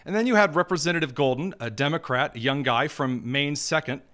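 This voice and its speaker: A male host delivering opinionated political commentary in a sarcastic, mocking, rapid-fire way. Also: on the high side, pushed and bright.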